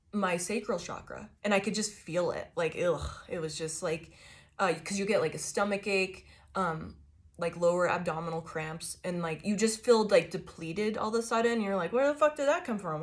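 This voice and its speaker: A woman giving a casual tarot reading, swearing freely and laughing often as she tells her story. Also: lowish voice. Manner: profane, laughing, animated storytelling. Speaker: tarot reader.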